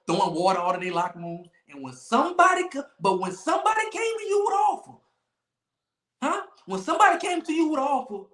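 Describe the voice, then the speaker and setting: Loud and emphatic, a high-pitched man hosts a sports talk livestream, trash-talking rivals with repeated phrases and laughs. He's a podcast host, and the recording is reverberant.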